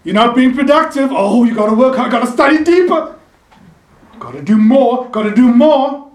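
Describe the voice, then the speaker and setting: Nagging inner voice, scolding, insistent, man, high pitch, distant, echoey. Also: lively intonation, normal speed. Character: nagging inner voice demanding more work.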